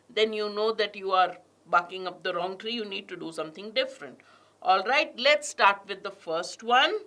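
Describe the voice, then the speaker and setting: A woman's voice: fairly high pitch, bright, forceful tone. A woman teaching an exam prep class online, reading passages aloud with heavy stress on key words and questioning her students.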